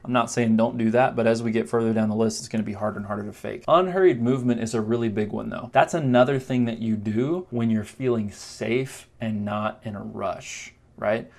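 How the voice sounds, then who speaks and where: A man's voice: on the low side, steady tone, gravelly, darkish tone. A man coaching men on confidence, talking to the camera in a conversational way and acting out brief demonstrations. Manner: conversational, explains with quick demos and mock voices. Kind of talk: direct-to-camera coaching talk.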